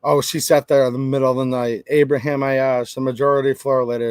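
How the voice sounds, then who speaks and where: A man's voice: medium pitch, little pitch movement, fairly quick, darkish tone, smooth, no echo. A man hosting a channel, ranting brashly in casual livestream commentary to his chat. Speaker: host.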